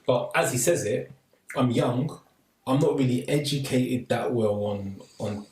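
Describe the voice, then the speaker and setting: A man telling a story in a casual podcast chat, animated and acting out the voices of the people he quotes. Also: medium pitch, measured pace. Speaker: podcast co-host. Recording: echoey room, slightly distant mic, faint noise.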